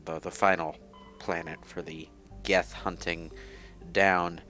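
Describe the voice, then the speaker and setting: A man's voice: sits low, flat delivery, slow pace, bright, forceful tone, soft background music. A man giving casual gaming commentary over a playthrough, rambling with many fillers and restarts. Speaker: let's play commentator.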